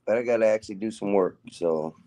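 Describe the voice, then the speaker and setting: A man's voice: fairly low pitch, quick pace, warm tone, slight background noise. A man on a livestream call, speaking outdoors in a laid-back, polite way. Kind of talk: casual livestream chat. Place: outdoors behind his house.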